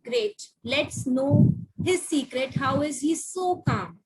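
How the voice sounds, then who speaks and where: Woman, teacher, high voice, animated storybook reading, video call. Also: poor audio. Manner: slow, animated, coaxing questions to young children. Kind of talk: reading a picture book to children.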